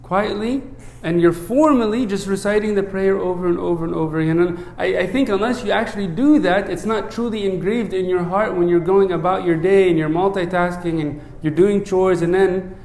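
A man who is a priest, preaching a sermon in an earnest way, often checking in with "right?" and dropping low and soft when he recites a prayer. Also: a little fast, vocal fry, hardly any pauses, echoey room. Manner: earnest, asks many rhetorical "right?" checks.

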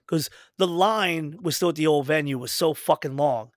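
A man hosting a casual podcast chat, swearing freely and telling animated stories. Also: a little high, normal speed, no room sound, clean studio sound. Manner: profane, animated storyteller. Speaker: host.

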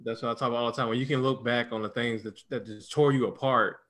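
A man hosting a podcast, thanking and affirming his guest in relaxed casual speech. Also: medium pitch, quick pace. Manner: grateful, affirming, relaxed slang. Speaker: podcast host. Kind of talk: casual chat.

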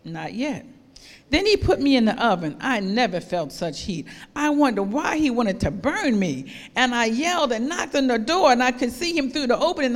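A woman's voice: mid-range voice, lightly acted. A suffering talking teacup tells its story in a pleading, dramatic voice, as a woman preacher reads it out. The sound carries a long hall reverb.

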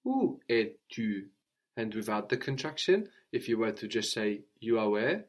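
A man's voice: on the low side, animated. Patient male French teacher. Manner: patient, explains slowly, repeats phrases for the student. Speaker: language teacher. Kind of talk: French lesson, teacher prompting a student.

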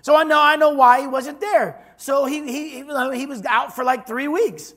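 A man preaching a sermon as pastor, telling a story and swinging from loud declarations to hushed tones. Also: very high voice, fairly even intonation, moderate pace.

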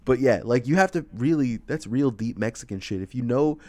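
A man's voice: mid-range voice, lively intonation, brisk, a little mellow, dry recording. A young man hosts a podcast and tells loose, rambling stories in casual chat. He laughs often and swears freely. His voice is dry and close, with no room sound. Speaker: podcast host.

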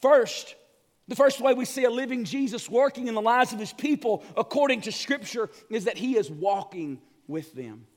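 A male pastor with a strikingly high voice delivers an Easter sermon with fervent, impassioned energy. He climbs to near-shouts, then sinks to hushed lines. A long reverb from a large hall trails behind every phrase. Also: lively intonation, moderate pace.

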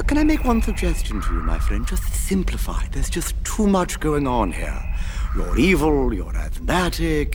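An actor playing a vain male pharaoh with a lisp, mocking someone with sarcastic quips, in a film clip with noise behind. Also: on the high side.

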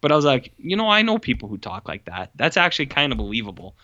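A man talks through his opinions in a loose, rambling podcast chat, leaning hard on "like" and dropping curse words without a second thought. His voice is bright and a little tense. The recording sounds dull and lo-fi. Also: mid-range voice, very animated, fast talker. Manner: rambling, says "like" constantly, blunt and swears. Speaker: podcast co-host reviewing a movie. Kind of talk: casual chat.

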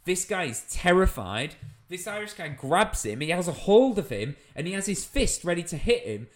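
A man's voice: sits high, sing-song, normal speed. A young British man, a comedian, telling a funny anecdote in casual chat, laughing as he goes. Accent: British English. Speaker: comedian guest.

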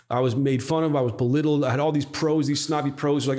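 A company founder appears as a guest on a casual podcast interview, telling a story in a fairly high male voice. He talks fast with hardly any pauses, swearing freely and animatedly acting out what people said.

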